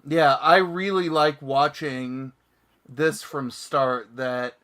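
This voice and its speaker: Slow-talking man hosting a comics show. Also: on the high side, over a noisy crowd. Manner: relaxed, reads viewer comments aloud. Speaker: podcast host. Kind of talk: casual chat.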